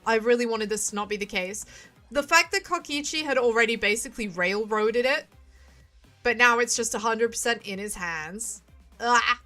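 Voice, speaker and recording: A woman's voice: on the high side, normal speed, pushed and bright, soft background music. A woman doing casual let's-play commentary as a streamer, emphatic and swearing often.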